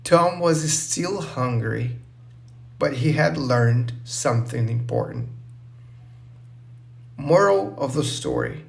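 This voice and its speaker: A man narrating a simple story for English learners, slow, clear and deliberate. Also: on the high side.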